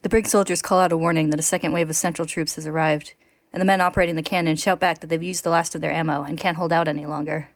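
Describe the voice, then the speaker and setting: A woman's voice: low-pitched, fairly even intonation, fast talker, hardly any pauses, no echo. A woman co-hosting a podcast, chatting and laughing, then reading aloud a story summary. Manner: laughs often, reads steadily. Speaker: podcast co-host reading a recap. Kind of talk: casual chat and read-aloud story summary.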